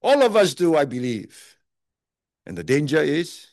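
Male pastor, higher-pitched, dry close sound, conversational sermon full of rhetorical questions. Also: huge pitch swings, unhurried, darkish tone, no room sound. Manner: asks listeners many rhetorical questions; half-joking, conversational preaching.

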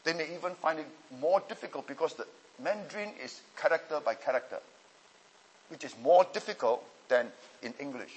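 Man, Bible class lecturer, husky voice, deliberate emphatic delivery, checks in with students. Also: on the high side, low-quality recording. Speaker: Bible teacher.

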